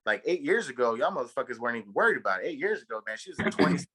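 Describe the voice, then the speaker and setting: Bright-voiced man telling a rambling story. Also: mid-range voice, very animated, rapid-fire, breathy edge, rough recording. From Texas. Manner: rambling, profane storytelling with many fillers. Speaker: podcast co-host. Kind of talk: casual chat.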